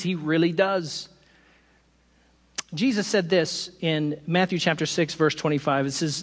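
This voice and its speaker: A man preaching a sermon to his congregation, animated and quick to poke fun at himself with laughing asides. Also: a little high, big-room sound. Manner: animated, self-deprecating humor, laughs at own stories. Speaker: pastor. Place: church sanctuary.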